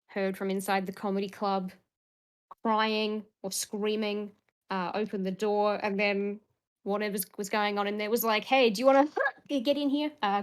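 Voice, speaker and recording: A woman casually recapping a tabletop game session in a rambling, jokey way with lots of fillers. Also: mid-range voice.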